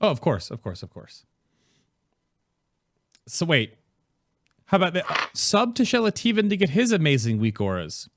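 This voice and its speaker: Lively, animated man hosting a chat. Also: fairly high pitch, moderate pace, pauses often, noisy background. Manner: animated, reading chat aloud, laughing often. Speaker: podcast host. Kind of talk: casual chat.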